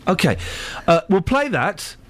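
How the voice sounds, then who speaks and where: Animated, playful male radio presenter. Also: sits high, measured pace. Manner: playful, jokey, full of asides. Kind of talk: casual radio chat.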